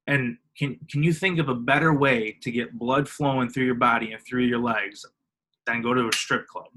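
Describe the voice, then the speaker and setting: Young man, bright voice, casual storytelling, animated, acts out other voices. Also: mid-range voice, normal speed, slight background noise, low-quality recording. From Illinois, US. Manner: animated, acts out other people, heavy filler words, laughs often. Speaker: podcast guest.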